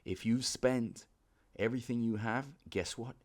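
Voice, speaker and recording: A man's voice: medium pitch, steady tone, unhurried. A man hosting a crypto commentary video, urgent and persuasive, repeating himself and drawing out the words he stresses. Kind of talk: casual commentary to camera.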